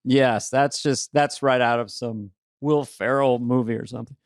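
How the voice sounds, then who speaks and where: A man co-hosting a podcast in casual comedic chat, playful and quick to slip into impressions. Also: mid-range voice, steady tone, no echo, studio quality. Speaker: podcast co-host.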